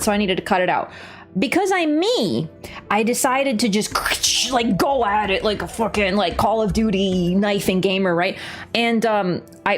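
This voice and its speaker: A woman streamer casually telling a story during a game livestream, laughing and swearing freely. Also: mid-range voice. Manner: lively, laughing, swears casually, acts out voices. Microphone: webcam setup.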